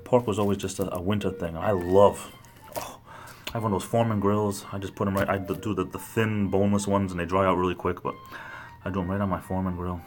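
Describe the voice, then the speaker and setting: A man's voice: low-pitched, level tone, quick pace. A man from the East Coast chatting casually on a livestream while he walks around at work, rambling and answering his viewers. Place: large building at work, walking around.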